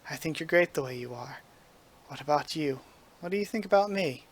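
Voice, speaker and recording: A man's voice: a little high, lively intonation, brisk. A man voicing a bold, free-spirited teenage fox girl from a manga, speaking directly and teasingly. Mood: affectionate.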